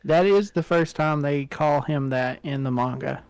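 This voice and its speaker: A man co-hosting a casual manga discussion, adding measured, analytical comments on the story. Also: a little high, a little mellow, smooth, no room sound. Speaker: co-host.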